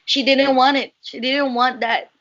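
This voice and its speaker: A woman in an interview, giving an earnest, emotional account in a halting way. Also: high-pitched, fairly even intonation, fairly bright tone. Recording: muffled lo-fi recording.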